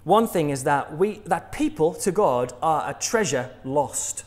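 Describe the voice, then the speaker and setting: A man's voice: on the high side, lively intonation, unhurried, a little mellow. An English man preaching a sermon in a jokey, conversational way, laughing at his own jokes. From England.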